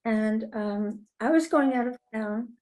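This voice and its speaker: A woman's voice: on the high side, unhurried, darkish tone, low-quality recording. An older woman, a TV comedy writer, telling stories in conversation, acting out quoted voices and laughing often. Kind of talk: conversational storytelling.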